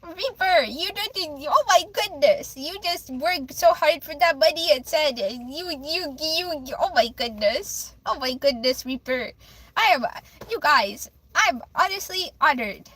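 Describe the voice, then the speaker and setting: A woman's voice: sits high, expressive, unhurried, a bit bright, no echo, poor audio. A young woman live-streaming a tarot reading, speaking emotionally, stammering and repeating herself. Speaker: livestreamer giving tarot readings.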